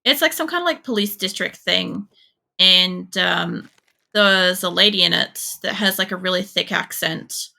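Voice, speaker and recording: Unhurried and fairly low in pitch, this young Polish woman's voice is gravelly, bright, and forceful. She streams a shooter game, chatting casually and rambling while swearing freely and using many fillers.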